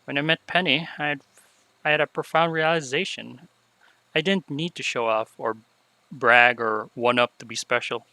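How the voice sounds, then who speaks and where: A man reading aloud the lines of a remorseful young female unicorn showmare from a game, in a soft, subdued voice. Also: mid-range voice, moderate pace, dry recording, rough recording.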